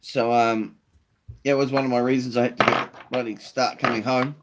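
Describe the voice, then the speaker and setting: A man's voice: medium pitch, level tone, moderate pace, fairly bright tone, slight background noise. Laid-back New Zealand man streaming live. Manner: laid-back, swears freely, reads out viewer comments. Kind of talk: casual live-stream chat.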